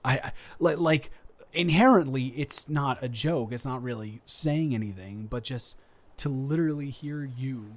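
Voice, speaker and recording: A young man playing his best friend's earnest older brother in an improvised romantic audio roleplay, speaking haltingly with many restarts. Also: medium pitch, natural voice. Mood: amused. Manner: halting, hesitant, frequent restarts.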